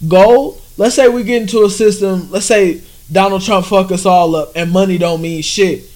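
Casting note: man, high voice, animated and joking, casual podcast banter. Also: moderate pace. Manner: animated, joking, often puts on quoted voices. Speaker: podcast co-host. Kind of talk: casual chat.

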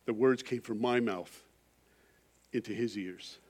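A middle-aged male pastor preaching a sermon, telling a personal story with loud emphasis that drops to a hushed, confessional tone. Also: mid-range voice, measured pace, husky.

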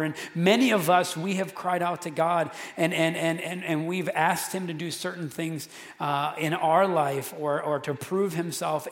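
A man preaching a sermon to his congregation, casual and chatty, often restarting his sentences. His voice sits a little high for a man. The sound carries a long reverb, as in a big church sanctuary. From central Wisconsin. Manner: casual, conversational preaching with many restarts and fillers. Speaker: pastor. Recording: echoey hall with long reverb.

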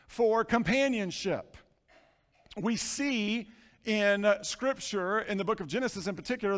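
Male pastor, high voice, animated sermon delivery, reverberant church hall. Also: clear, resonant tone. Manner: animated preaching, swinging from hushed to shouting. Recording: long reverb of a large hall.

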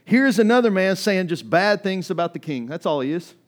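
A man preaches a sermon with a somewhat raised pitch. He speaks casually to his listeners and often sinks his voice to a murmur for emphasis. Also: lively intonation, fairly quick. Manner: conversational preaching with sudden drops in volume; acts out quoted voices in reading. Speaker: pastor.

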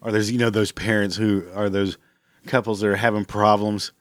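A man's voice: lowish voice, level tone, normal speed, no room sound, studio quality. Profane, blunt man ranting on a podcast. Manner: profane, blunt, laughs at his own jokes. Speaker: podcast host. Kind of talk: casual solo rant.

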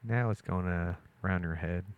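A man in casual chat among friends, loud and profane, often cutting in with bursts of exclamation. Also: low voice, normal speed, phone-quality sound.

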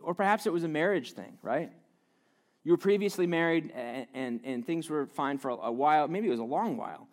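Chatty, stammering pastor preaching. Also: male voice, fairly high pitch, lively intonation, brisk. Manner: conversational, self-deprecating, many restarts and stammered repeats. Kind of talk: sermon.

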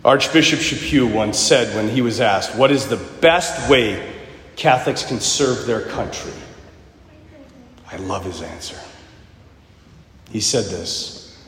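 A man preaching a passionate sermon to students and graduates, rising to shouts and acting out quoted voices. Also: medium pitch, expressive, measured pace, a little hiss or hum. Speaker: priest. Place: large church. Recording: echoey church with long reverb.

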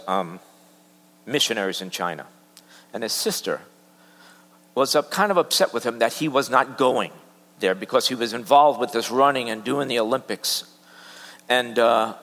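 Man preaching in a reverberant hall. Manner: builds to loud, high emphatic peaks, then drops to soft near-whispers. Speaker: church elder preaching. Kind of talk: sermon.

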